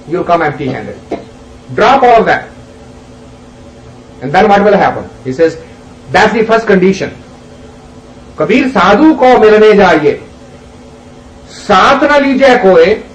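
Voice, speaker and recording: A man giving a spiritual discourse, an unhurried teacher who tells stories and puts rhetorical questions to his listeners. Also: sits high. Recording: roomy, distant, dull lo-fi recording.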